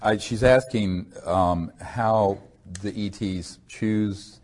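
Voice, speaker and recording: A man's voice: fairly low pitch, extremely slow, darkish tone. A man speaking earnestly to an audience in a rambling way, with many fillers and restarts. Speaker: speaker answering audience questions. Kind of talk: rambling storytelling talk.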